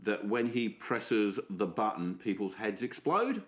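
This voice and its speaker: A man co-hosting a comedy podcast, his pitch bouncing up and down as he riffs. He plays along with mock surprise and absurd guesses, and the tone stays loose and chatty throughout. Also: very animated, a bit bright. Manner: playful, quick with silly guesses and gasps. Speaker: podcast co-host. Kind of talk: joking casual chat.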